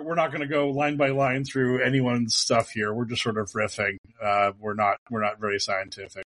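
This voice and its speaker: A man's voice: mid-range voice, fairly bright tone. A middle-aged man hosting a comedic podcast, riffing jokily with guests and often restarting his sentences. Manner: jokey, riffing, many restarts. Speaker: podcast host. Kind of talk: casual comedic podcast chat.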